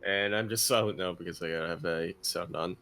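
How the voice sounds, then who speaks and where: A man's voice: low-pitched, a little fast, gravelly, sharp tone, soft background music. A man co-casting a live esports tournament in laid-back, joking banter with frequent laughs. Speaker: esports co-caster. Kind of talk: casual live commentary banter.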